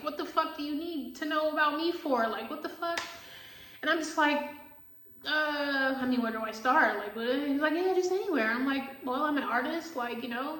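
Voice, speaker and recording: A woman with a high voice tells a rambling, profanity-laced story in a casual monologue. She keeps slipping into quoted back-and-forth, playing herself and the other person. The room around her rings with echo. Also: far from the mic. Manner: animated, profane, acts out both sides of conversations. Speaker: tarot reader telling a story. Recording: echoey room.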